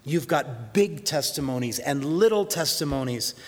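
A middle-aged man preaching a sermon as pastor, swinging between loud praise and hushed storytelling. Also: mid-range voice, animated, normal speed. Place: church sanctuary. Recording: long reverb of a large hall.

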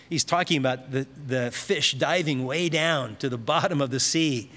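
A man's voice: mid-range voice, moderate pace, hardly any pauses, fairly bright tone. A man preaching a sermon, telling Bible stories and briefly acting out the voices in them. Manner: storytelling preacher, acts out voices in anecdotes. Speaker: pastor. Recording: long hall reverb.

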